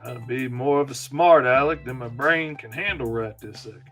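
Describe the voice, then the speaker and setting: Over faint background music, a man with a mid-range voice talks at a moderate pace during a live comic-inking lesson. His stream chatter is relaxed and self-mocking, drifting from topic to topic as he inks and responds to viewers.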